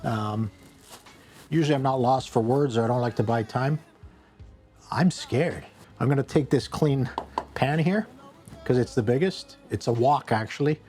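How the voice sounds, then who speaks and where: A man's voice: mid-range voice, moderate pace, pauses often, faint music behind. Rambling man hosting a cooking vlog. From Canada. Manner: rambling, self-mocking, excitable bursts. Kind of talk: casual cooking vlog chat.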